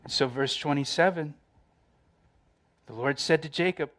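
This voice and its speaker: A man's voice: on the high side, a little slow, fairly bright tone. A middle-aged male pastor preaching a sermon, repeating phrases for emphasis and raising his voice in quoted lines.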